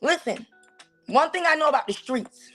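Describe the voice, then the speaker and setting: A woman with a Southern US accent hosting a casual talk show, talking straight to her viewers in an animated, preachy and teasing way. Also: high voice, normal speed, soft background music. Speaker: host. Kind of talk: casual commentary on church life.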